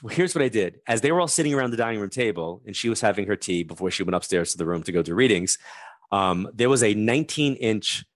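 A man's voice: lowish voice, lively intonation, fast, dry recording, clean studio sound. A man in his fifties, a guest telling a story in conversation and acting out the voices of the people in it.

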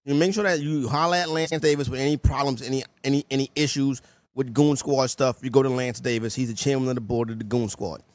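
A man's voice: medium pitch, fairly even intonation, fast talker, no echo, studio quality. A man hosting a sports radio show, loose and joking, chatting with callers and co-hosts. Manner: loose, joking, talks while eating. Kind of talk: casual sports radio banter.

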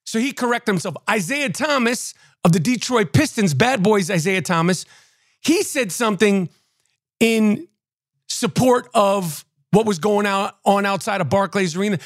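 A man's voice: high voice, lively intonation, unhurried, no room sound, clean studio sound. A man ranting in a casual, profane, mocking way as a podcast host. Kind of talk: casual rant.

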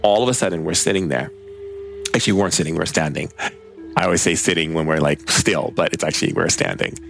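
A man's voice: low-pitched, quick pace, vocal fry, fairly bright tone, soft background music. A man telling stories in a casual, rambling way, full of filler words, as a spiritual teacher. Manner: rambling, filler-heavy, conversational. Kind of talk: casual storytelling talk.

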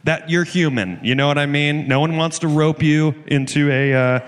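A man co-hosting a live comedy podcast on a festival stage, excitable, breaking into loud exclamations and casual swearing. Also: fairly high pitch, normal speed, clean tone. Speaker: podcast co-host. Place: hall at a live festival show. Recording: live hall reverb.

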